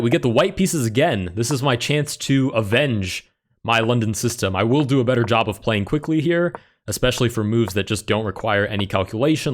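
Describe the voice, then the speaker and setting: A man commentating his own online chess game as he plays, thinking aloud with quick reactive exclamations. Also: lowish voice. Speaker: chess streamer.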